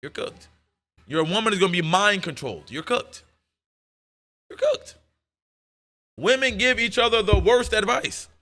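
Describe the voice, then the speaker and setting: A man's voice: high-pitched, expressive, a little slow, long pauses, sharp tone. A man streaming live and reacting to clips, making emphatic points full of profanity and repeating them again and again.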